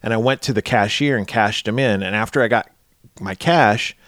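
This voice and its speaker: A man's voice: on the low side, normal speed, no room sound, clean studio sound. A man co-hosting a podcast, telling stories in casual chat and acting out the quotes. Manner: animated storytelling, acts out quotes. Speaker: podcast co-host.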